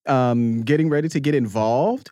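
A man's voice: medium pitch, moderate pace, dark tone, no echo. A man co-hosting a talk show who asks a guest questions in a friendly, apologetic way. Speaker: co-host.

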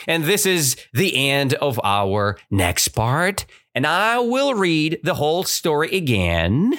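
A woman, reading and explaining a story to learners, with a rising voice when she quotes the characters. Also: a bass voice. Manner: slow, lively, rising voice for quoted lines. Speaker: teacher.

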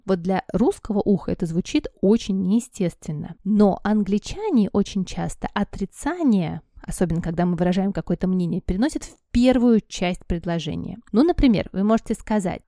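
A woman teaching an English lesson, explaining grammar and translating in a patient, explanatory way. Her voice is mellow, and the recording is dry and close. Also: medium pitch, lively intonation, quick pace, few pauses, no echo. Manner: explanatory, addresses class as guys.

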